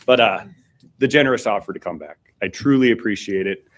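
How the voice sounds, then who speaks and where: Earnest low-voiced man, former city worker, thanking the council at public comment in a council chamber. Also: brisk. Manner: earnest, a little choked up. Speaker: former public works supervisor speaking at public comment.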